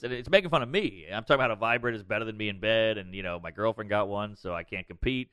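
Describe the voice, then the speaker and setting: A man's voice: lowish voice, rapid-fire, few pauses, clear, resonant tone, dry recording. A man, a comedian guest, telling a story in casual, profane podcast talk. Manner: animated, profane.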